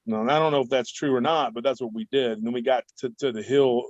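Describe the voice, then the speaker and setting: Animated male storyteller, dull audio. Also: mid-range voice, quick pace, dry recording. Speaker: guest cryptid researcher. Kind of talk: storytelling interview. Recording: dull dry remote recording.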